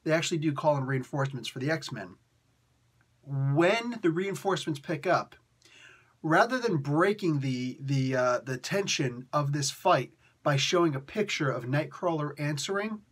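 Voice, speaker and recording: A man with a husky, somewhat raised voice talks through a comic book review. He rambles and restarts his sentences, and his delivery stays lively and chatty the whole way. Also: fairly high pitch. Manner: animated, rambling, frequent fillers and restarts. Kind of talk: casual video review.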